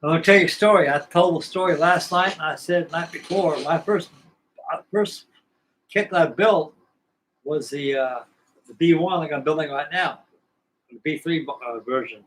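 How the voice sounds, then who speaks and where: An older man from California with a slightly high-pitched voice hosts a model-building show. He tells long, meandering stories in a casual, salty way, swearing easily as he goes. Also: moderate pace, a bit bright, a little hiss or hum, rough recording. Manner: folksy, salty, digressive. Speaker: model-building channel host. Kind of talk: rambling casual storytelling.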